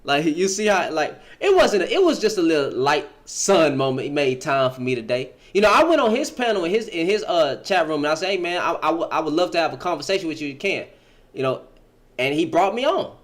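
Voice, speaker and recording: A middle-aged man with a high, lively voice speaks in an emphatic commentary style. He keeps asking his audience pleading rhetorical questions, and his pitch swings widely from phrase to phrase. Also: a little fast. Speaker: reaction video host.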